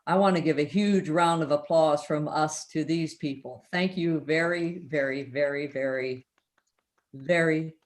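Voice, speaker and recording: Low-voiced woman giving halting thanks. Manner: halting, filler-heavy thanks. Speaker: theater host. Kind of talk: closing announcements.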